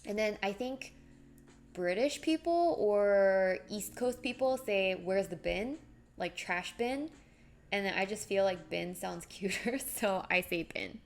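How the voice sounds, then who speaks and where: A woman's voice: medium pitch, a little slow. A young woman chatting casually on a live stream while crafting, rambling and reading out viewer messages. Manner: chatty, rambling, reads chat aloud.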